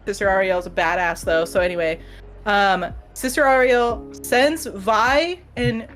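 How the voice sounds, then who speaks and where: A woman casually recapping a fantasy novel as a podcast co-host, animated, acting out characters' lines and swearing casually. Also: medium pitch, unhurried, soft background music. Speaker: book review podcast co-host. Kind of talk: casual chat recapping a book.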